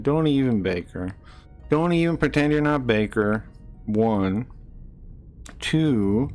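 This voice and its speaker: A man streaming live, ranting angrily at people in his chat, swearing and repeating himself. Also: fairly high pitch. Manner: angry, profane, repeats himself, rising to shouts.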